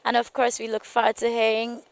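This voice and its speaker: A high-voiced woman from Saint Lucia hosts a morning TV interview, chatty and upbeat. Her voice has a gravelly, fry-tinged edge. The sound is dry and close. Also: monotone, a little fast, no room sound. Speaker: morning show host.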